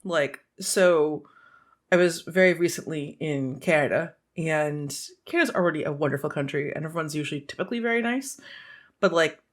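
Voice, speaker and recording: A woman co-hosting a podcast, chatting casually and telling animated stories with quoted voices and frequent laughter. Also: low voice, moderate pace. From United States. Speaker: podcast co-host. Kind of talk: casual chat.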